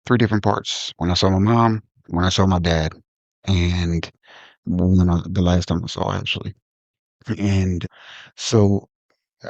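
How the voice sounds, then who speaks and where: A man hosting a podcast, telling a personal story in a reflective, halting way with frequent restarts. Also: on the low side, a little mellow, no echo, lo-fi sound. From Ohio. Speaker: podcast host.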